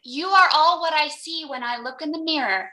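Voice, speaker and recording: A woman's voice: sits high, normal speed, pushed and bright. A woman performing an improvised comedy scene over a video call, talking in an earnest, reassuring way.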